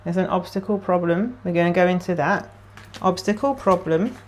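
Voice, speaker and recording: A woman's voice: on the low side, normal speed, slight background noise. A woman giving a casual tarot card reading to camera. She talks in an emotional, chatty way and thinks aloud as she pulls cards. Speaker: tarot reader.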